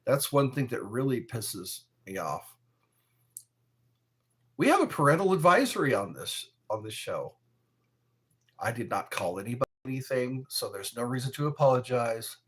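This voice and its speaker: A man chatting casually on a live stream from his bedroom, rambling and defensive with drawn-out phrases. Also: medium pitch, very animated, fairly bright tone, breathy edge. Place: bedroom at home.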